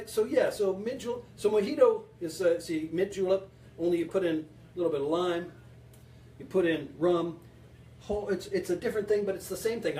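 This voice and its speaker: A man hosts a home cocktail show, joking and rambling as he mixes a drink and chats with his viewers. His voice sits high for a man. He sounds set back from the mic in a roomy, echoing space with a faint hiss behind him. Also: darkish tone. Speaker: home bartending show host. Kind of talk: joking casual cocktail demo. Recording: echoey room, distant mic.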